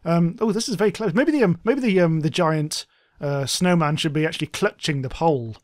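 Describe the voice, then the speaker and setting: A man's voice: on the high side, fairly quick, no room sound, clean studio sound. A young man co-hosting a gaming video, chatting casually while he builds, jokey and rambling. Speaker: gaming channel co-host. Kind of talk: casual gameplay chat.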